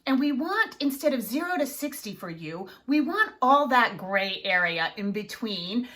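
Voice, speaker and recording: A woman coaching parents in an emphatic, animated way, often checking in with "right?". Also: on the high side, a little slow. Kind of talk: advice talk to camera.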